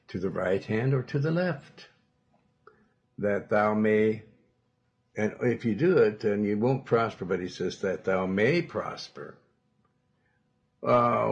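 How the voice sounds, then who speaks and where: A man preaching a sermon as pastor, quoting scripture in old-fashioned wording, with sudden loud emphatic bursts. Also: on the low side, vocal fry, muffled recording.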